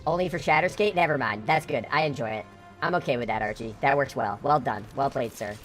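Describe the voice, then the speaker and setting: A woman's voice: very deep voice, fairly quick, faint music behind. A woman from upstate New York streaming while gaming, chatting casually and bluntly, swearing freely, through a voice changer.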